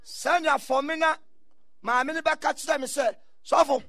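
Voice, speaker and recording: A man preaching a sermon, telling stories and breaking into shouted bursts. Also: extremely high pitch, big pitch swings, normal speed, dry recording, clean studio sound. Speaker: pastor.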